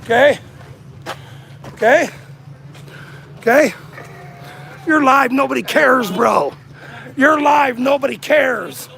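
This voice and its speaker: A man livestreaming outdoors in a parking lot on a handheld camera, taunting people, shouting insults and laughing often. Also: very high voice, slow, vocal fry, pauses often, slight background noise. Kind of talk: livestream rant.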